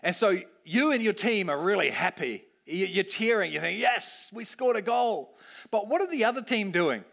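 Animated high-voiced male pastor preaching. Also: a little fast, creaky. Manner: animated, acts out cheering crowd voices. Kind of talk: sermon.

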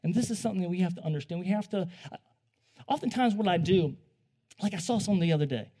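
High-voiced man preaching casually. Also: husky. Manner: animated, joking, with quick restarts. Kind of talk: conversational sermon.

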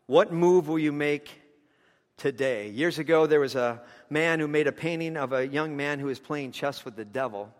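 A man's voice: on the high side, moderate pace, long reverb tail. A man preaching a sermon, telling a story with passion, his intensity rising and falling.

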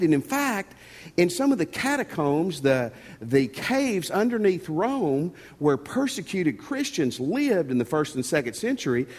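A man preaching a sermon as pastor, folksy and animated, often repeating words. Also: fairly high pitch. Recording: long reverb of a church hall.

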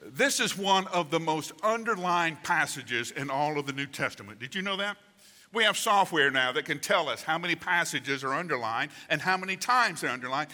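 A man's voice: fairly high pitch, pushed and bright. A man in his sixties preaching a conversational sermon as pastor, acting out voices for emphasis. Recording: reverberant hall.

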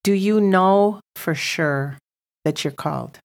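A middle-aged woman tells her story as a podcast guest, in a lowish voice with a gravelly edge. She acts out her prayers with rising emotion and speaks earnestly. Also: takes it slowly. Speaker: ministry founder, guest. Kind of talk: testimony in a podcast interview.

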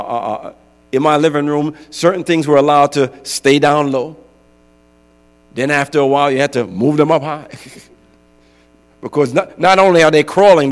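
A male pastor preaching a sermon in a conversational way, often asking his congregation "right?". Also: on the high side. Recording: long hall reverb with mains hum.

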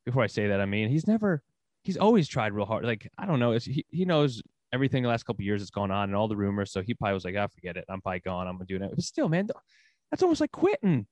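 A man co-hosting a casual sports podcast, talking at a rapid clip. He rants with growing heat and breaks into laughs, and the sound is close and dry with no room echo. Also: mid-range voice. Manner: ranting, animated, quick to laugh. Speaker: podcast co-host.

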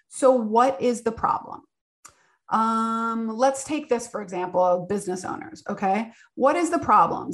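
Woman, 40s, slightly high voice, earnest, chatty advice talk. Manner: earnest, conversational, with many filler "like"s. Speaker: business owner sharing advice.

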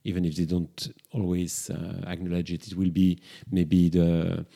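Man, therapist, mellow dark voice, gravelly, hesitant, reflective talk. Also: deep voice, completely flat delivery, a little slow. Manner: hesitant, many fillers and restarts.

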